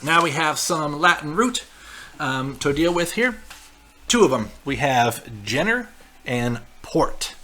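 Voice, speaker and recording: A man's voice: fairly high pitch, expressive, takes it slowly, bright, forceful tone. A man teaching a class remotely, walking students through a weekly packet in a casual, explaining way with frequent fillers and check-ins. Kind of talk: recorded lesson walkthrough.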